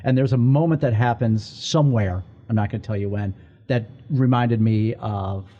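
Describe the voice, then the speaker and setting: A man in his forties co-hosting a podcast in casual, excitable chat, often restarting his sentences. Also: medium pitch, normal speed. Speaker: podcast co-host, entertainment director. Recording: slightly dull lo-fi recording.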